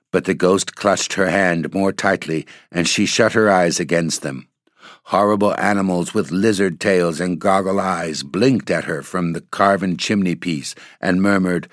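A man with a very deep voice reads a classic story aloud, steady and measured. The recording is close and dry, with no room around him. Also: no echo. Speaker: narrator. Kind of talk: storybook reading.

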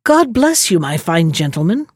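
A sly, flattering rogue from a fairy tale, voiced by a woman reading aloud. He speaks with mock politeness, his pitch bouncing about in a lively way. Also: normal speed, husky, no room sound, studio quality. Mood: fawning.

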